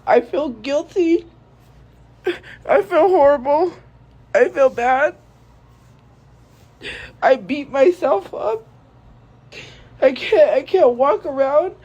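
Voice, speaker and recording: A young woman streamer speaking to viewers in a tearful, halting way, grief-stricken and repeating herself. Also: high voice, animated, warm tone, dull audio. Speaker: live streamer. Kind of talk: emotional monologue to viewers.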